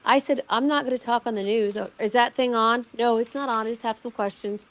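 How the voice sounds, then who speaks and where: A middle-aged woman telling a personal story in casual chat, animated, acting out what people said, with many restarts. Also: fairly high pitch, brisk. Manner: animated, acts out quoted voices, many restarts. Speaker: guest recounting a personal experience.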